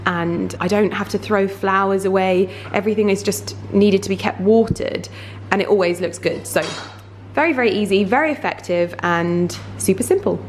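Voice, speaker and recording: A woman's voice: mid-range voice, moderate pace, a little hiss or hum. Chatty woman vlogging at home. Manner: chatty and enthusiastic, with many fillers. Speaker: lifestyle vlogger. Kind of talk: casual home vlog narration. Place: home, indoors and in a garden.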